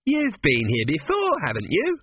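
A man voicing a fussy, slow-witted sphinx that grumbles and gets flustered, reading a comic storybook. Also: mid-range voice, big pitch swings, breathy edge, no echo, exaggerated voice. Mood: grumbling. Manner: grumbling, doubtful, easily flustered. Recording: tinny phone-like audio.

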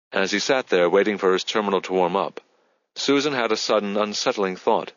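Low-voiced male audiobook narrator. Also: dry recording, dull audio. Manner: measured, even storytelling. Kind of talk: scripted narration.

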